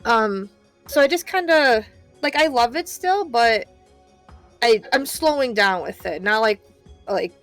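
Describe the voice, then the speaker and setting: A woman's voice: a little high, animated, a little slow, pauses often, fairly bright tone, faint music behind. A young woman, a VTuber guest on a podcast, chatting casually with many hesitations and fillers. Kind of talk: casual chat.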